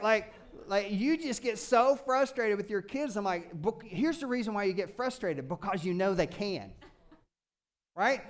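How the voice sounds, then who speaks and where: A man preaching a sermon as a pastor, animated, swinging from shouted excitement to quiet asides. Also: high voice.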